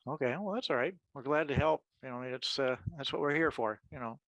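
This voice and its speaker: A man's voice: mid-range voice, brisk, fairly bright tone, poor audio. A man from Canada speaking friendly thanks on a video call. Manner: friendly and gracious.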